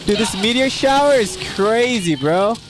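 Man streamer yelling and cursing mid-game. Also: very high-pitched, moderate pace, noisy background. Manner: loud excited cursing and taunting. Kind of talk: live gameplay commentary. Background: game music.

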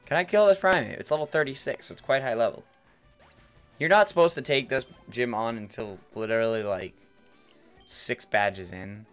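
A man's voice: medium pitch, normal speed, a bit bright, soft background music. Rambling, playful male gamer. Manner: rambling, playful, repeats words. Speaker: let's player. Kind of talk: casual game commentary. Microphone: headset.

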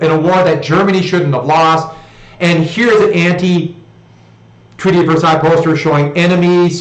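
A man with an American accent, a history teacher giving a classroom lecture in a conversational, digressive way with joking asides. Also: on the high side. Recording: roomy echo.

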